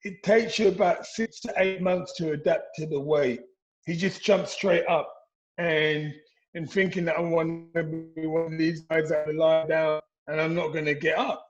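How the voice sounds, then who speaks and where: A middle-aged man from England, telling stories in a casual interview, animated and stumbling over restarts. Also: fairly high pitch, normal speed, dull audio, soft background music. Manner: animated storytelling with repeated restarts. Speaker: interview guest, former boxer.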